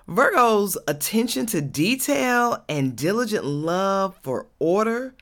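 A woman's voice: mid-range voice, very animated, slow. A woman from Georgia, hosting her own podcast in a casual, chatty way, laughing often and saying y'all. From Georgia, USA. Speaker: podcast host.

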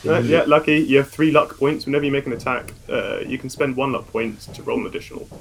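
A man's voice: mid-range voice, quick pace, vocal fry, slight background noise. Playful man at a tabletop game. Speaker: player. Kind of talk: casual tabletop play.

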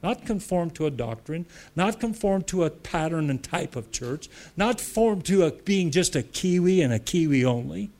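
A man's voice: on the high side, animated, normal speed, few pauses, a little mellow. A man preaching a sermon with emphatic repetition, laughing between points.

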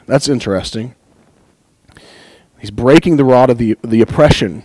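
A man giving an earnest, animated Bible teaching, reading scripture aloud and commenting on it, often with a light chuckle. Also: mid-range voice, moderate pace, long pauses, no room sound, rough recording.

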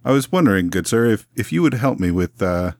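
A man's voice: fairly low pitch, animated, a little fast, no echo, clean studio sound. Man playing a pompous 1920s museum owner. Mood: ingratiating. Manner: florid, long-winded, genteel phrasing. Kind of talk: tabletop role-play in character.

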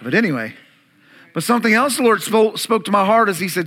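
A man preaching a sermon as pastor, animated, acting out voices to an audience in a church room. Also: high voice, fast. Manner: animated preaching, acts out disciples' panic and Jesus' calm.

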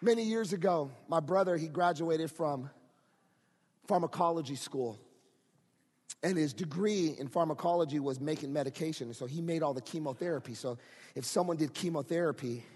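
A pastor preaching a sermon, moving from quiet talk to shouted, rising preaching. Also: male voice, fairly high pitch, normal speed, slightly rough, long reverb tail.

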